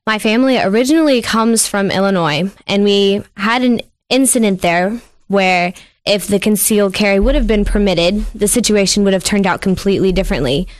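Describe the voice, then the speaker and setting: A woman's voice: mid-range voice, moderate pace, no room sound. A teenage girl being interviewed in a radio studio, polite and well prepared. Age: teens. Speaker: student guest.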